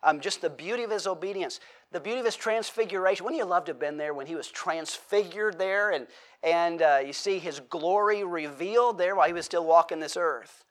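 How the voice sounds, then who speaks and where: A middle-aged man delivers a sermon from the pulpit. His voice sits a bit higher than most men's. He talks loosely and conversationally, circling back over his words and dropping in wry asides. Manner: conversational, with self-correcting restarts and joking asides. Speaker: pastor.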